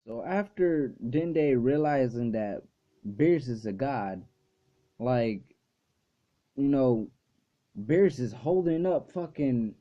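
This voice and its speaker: A man chats through a casual video review, loose and heavy on swearing and "like". His voice is mid-pitched with a very dark, thick timbre. The recording sounds dull and lo-fi. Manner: loose and profane, full of "like" fillers. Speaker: anime reviewer and channel host.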